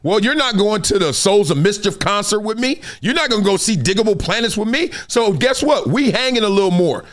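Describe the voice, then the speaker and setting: Middle-aged male host, high lively voice, animated storyteller. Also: a little fast, few pauses. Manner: animated storytelling, laughing, acts out quotes. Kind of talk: live-stream sports talk.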